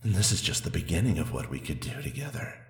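For an adult audio role-play, a man plays a seductive male demon spirit that has possessed a man's body, murmuring slowly, low and intimate. His pitch swings widely, the tone is somewhat dark, and the recording sounds roomy.

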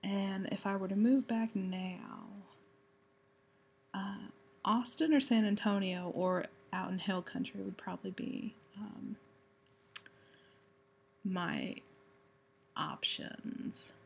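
Texan woman vlogger, unhurried rambling talk, lots of ums and restarts, slight fry. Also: medium pitch. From Texas, USA. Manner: rambling, with many fillers and restarts. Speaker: vlogger answering a question challenge. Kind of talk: casual chat.

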